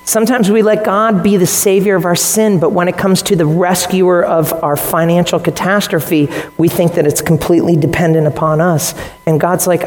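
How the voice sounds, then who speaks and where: A man preaches to his congregation in an animated, conversational way, tossing in jokes and slipping into little voices for his examples. His voice rings around a big church hall, with a long reverb trailing each phrase. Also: sits high, moderate pace. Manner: animated, joking asides, acts out quoted voices. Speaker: pastor. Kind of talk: sermon.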